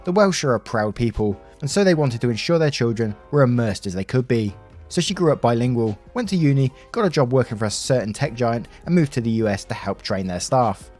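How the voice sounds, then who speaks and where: A man's voice: medium pitch, expressive, a little fast, darkish tone. Man reading stories with wry asides. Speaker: story narrator. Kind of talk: reading online stories aloud. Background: faint background music.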